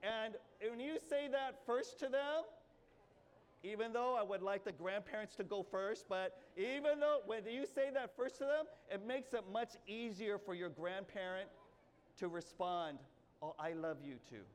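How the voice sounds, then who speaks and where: A man's voice: sits high, a little slow, clean tone. A male pastor giving a sermon in a church, earnest and repeating his phrases, with coaxing asides to the congregation. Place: church sanctuary. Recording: reverberant church hall, faint ambience.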